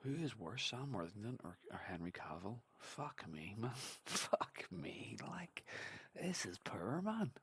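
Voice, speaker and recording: A man's voice: lowish voice, very animated, a little slow, creaky, few pauses, a bit bright, a little hiss or hum. A man hosting a reaction video, bluntly and profanely criticizing what he is watching. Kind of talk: casual reaction commentary.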